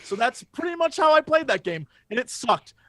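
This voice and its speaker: A man co-hosting a podcast in casual chat, telling a story with excitable energy and plenty of swearing, speaking into a studio microphone. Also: very high voice, normal speed, no echo. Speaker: podcast co-host.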